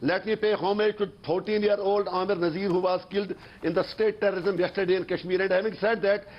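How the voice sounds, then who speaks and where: A man's voice: sits high, steady tone, fast, dull audio. A man arguing as a panelist in a heated TV news debate, insistent and defiant, stumbling over restarts.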